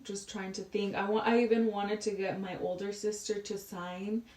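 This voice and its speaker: A woman's voice: medium pitch, flat delivery, moderate pace, darkish tone. A woman in her twenties, a podcast guest, telling a personal story in a casual, chatty way with a lot of "like" fillers. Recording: roomy echo, distant from the mic.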